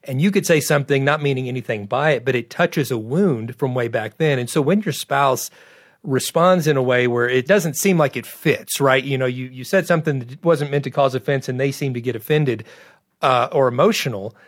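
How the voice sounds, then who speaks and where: A man with a mid-range voice co-hosts, explaining ideas in an earnest, steady way. His voice sounds dry and close, with no room echo. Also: medium pitch, a little fast. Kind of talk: conversational interview.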